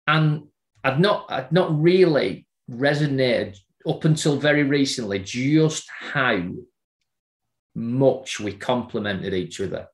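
A middle-aged man telling a personal story in casual conversation, halting and repeating words as he remembers. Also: mid-range voice, animated, reverberant. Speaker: guest.

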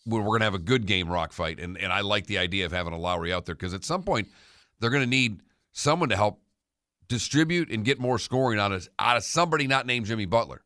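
A man co-hosting a sports radio show, giving steady, matter-of-fact analysis in casual sports talk. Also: fairly low pitch, fast, no echo, studio quality.

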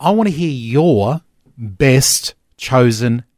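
A man's voice: mid-range voice, lively intonation, slow, a little mellow, no room sound, clean studio sound. A man hosting breakfast radio, explaining a giveaway with upbeat promo patter. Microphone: studio mic.

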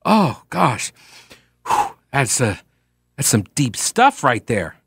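Animated sarcastic talk radio host man. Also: medium pitch, takes it slowly, husky, no room sound, studio quality. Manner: animated, sarcastic, mocking asides. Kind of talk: opinionated talk radio commentary. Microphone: studio mic.

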